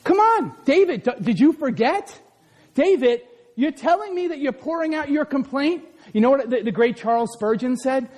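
Impassioned high-voiced male preacher. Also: animated, moderate pace. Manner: impassioned, often shouting, asks the congregation questions. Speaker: pastor. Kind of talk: sermon.

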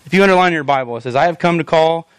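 Animated higher-voiced male pastor preaching. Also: racing, clear, resonant tone, no room sound. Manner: animated, acts out quoted voices. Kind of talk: sermon.

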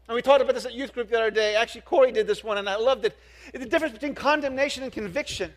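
A young man preaching a sermon as a youth pastor, animated, acting out quoted voices and repeating words as he builds his point. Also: very high-pitched, racing.

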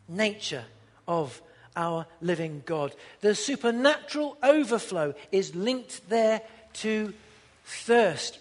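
A man preaching a sermon, swinging between loud ringing peaks and hushed low passages. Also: very animated, a little slow, big-room sound. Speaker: pastor. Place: church.

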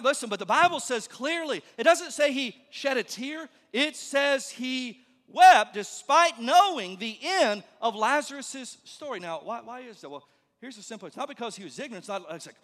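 A male pastor preaching a sermon in a church, conversational and joking, then dropping to a hush for emphasis. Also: extremely high pitch, lively intonation, brisk. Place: church sanctuary. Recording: long reverb of a large hall.

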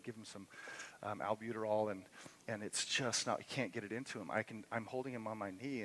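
Bright-voiced middle-aged male pastor preaching. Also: fairly low pitch, a little hiss or hum, poor audio. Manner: personal storytelling, rising to impassioned emphasis. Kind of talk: sermon. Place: church sanctuary.

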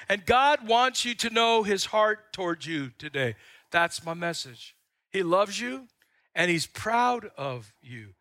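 An older man preaching a sermon as pastor, telling stories with lively acted-out quotes and frequent repeated words. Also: very high voice, no room sound, studio quality. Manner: animated storytelling, acts out quotes.

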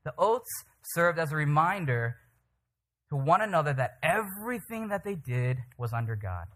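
A man preaching a sermon, telling stories in an animated way and often checking in with the listeners. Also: fairly high pitch, normal speed. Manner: animated, checks in with "right?" and "okay?". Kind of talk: sermon with storytelling.

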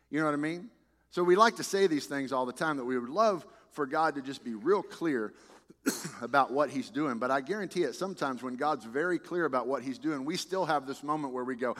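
A pastor preaches a sermon in a conversational, animated way, often restarting his sentences. His medium-pitched voice moves fairly quickly and carries a big-room sound.

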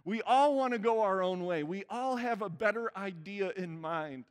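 A man's voice: high voice, moderate pace, clear, resonant tone. A man preaching a sermon in a conversational way, often checking in with the congregation. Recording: church hall reverb.

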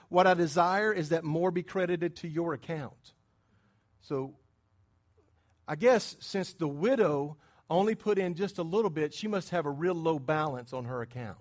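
A pastor with a notably high, expressive voice preaches conversationally, talking with his congregation rather than at them and quizzing them with quick questions. His delivery swings from hushed, near-whispered asides to loud, emphatic bursts.

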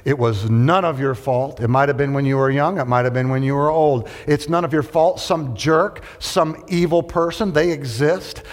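A man's voice: on the high side, normal speed, hardly any pauses. A man preaching a sermon to a room full of people, asking questions and having them answer back. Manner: animated, rhetorical questions and call-and-response. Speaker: pastor. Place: large hall with an audience. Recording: long hall reverb.

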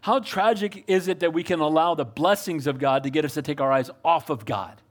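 High-voiced preaching man. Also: fairly quick. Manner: preachy, calls for amens, shifts from loud to soft. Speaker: pastor. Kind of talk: sermon.

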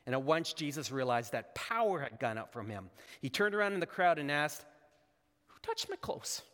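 A man preaching a sermon as a pastor, animated and conversational, acting out the lines he quotes. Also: fairly high pitch, brisk. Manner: animated, acts out quoted lines in character voices. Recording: long hall reverb.

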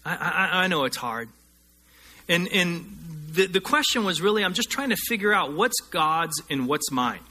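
High bright-voiced preaching man. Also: expressive. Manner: earnest preaching, slows and rises to stress scripture. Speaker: pastor. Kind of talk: sermon.

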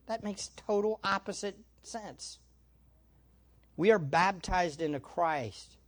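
A pastor preaching an expository sermon to a room full of people, emphatic, posing rhetorical questions and answering them. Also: medium pitch. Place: church room with an audience.

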